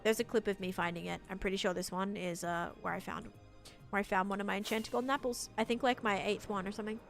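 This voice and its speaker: A young woman livestreaming a game talks quickly in a gravelly but steady voice, reading chat aloud and chatting as she builds. Faint music plays behind her, and she mimics a voice assistant in a higher pitch.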